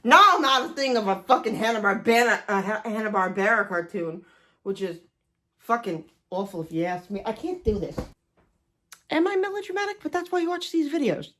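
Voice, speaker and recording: A woman's voice: mid-range voice, lively intonation, a little fast, sharp tone. A woman in her forties telling a personal story in a casual vlog, self-deprecating and swearing often. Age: 40s. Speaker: vlogger.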